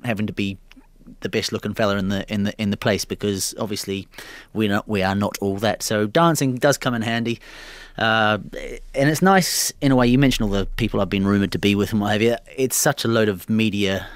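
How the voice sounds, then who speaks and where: Man in his thirties, New Zealand accent, quick low-pitched voice, frank chatty interview guest, dry close sound. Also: fairly even intonation, clear, resonant tone, no room sound. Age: 30s. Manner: chatty, frank, many restarts. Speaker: interview guest, ballroom dancer. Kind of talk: casual interview chat.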